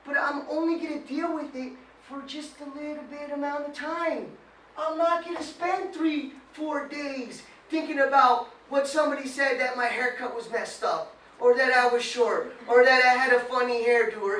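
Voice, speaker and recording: A man giving an animated motivational talk to a small live group, quizzing them with questions and breaking into mocking whiny voices. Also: very high-pitched, normal speed. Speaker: motivational speaker. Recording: roomy sound from far off with faint noise.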